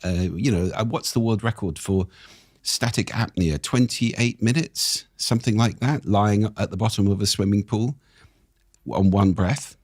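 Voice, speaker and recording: A man, a speaking expert and podcast guest, explaining things in a measured way with examples, his voice a little croaky. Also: on the low side, darkish tone, dry recording, studio quality. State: slightly croaky. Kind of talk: explanatory interview talk. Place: podcast studio.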